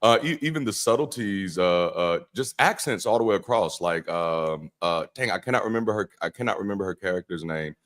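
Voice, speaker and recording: A man's voice: low-pitched, animated, a little fast, few pauses. A man, a guest talking enthusiastically about a film and his culture. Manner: enthusiastic, warmly appreciative. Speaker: podcast guest. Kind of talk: casual film discussion.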